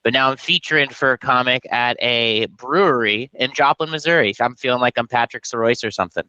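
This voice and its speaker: A man chatting casually as a comedian guest, rambling and jokey with animated bits. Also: mid-range voice, brisk, smooth, no room sound, dull audio. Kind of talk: casual podcast chat.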